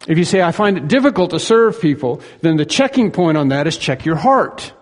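A man's voice: a little high, expressive, fairly quick. Earnest preaching man in a reverberant hall. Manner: earnest, emphatic preaching with rhetorical questions. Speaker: pastor. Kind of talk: sermon.

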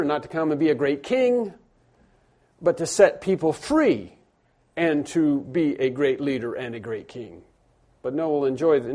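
A pastor with a slightly high, dark-toned voice preaches a sermon conversationally. He repeats himself, restarts phrases, and climbs into emphatic, stressed lines.

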